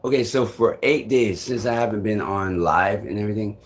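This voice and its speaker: A young man talking on a live stream in a loose, rambling way, full of fillers and swearing. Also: fairly low pitch. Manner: rambling, halting, swears often, many fillers.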